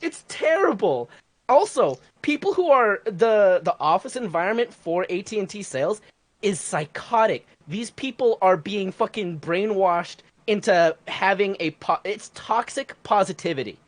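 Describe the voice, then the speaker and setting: A woman tells a work story on a casual podcast, her voice rising and falling all the way through. She keeps her delivery animated and full of swearing. Her pitch sits in the middle. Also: unhurried.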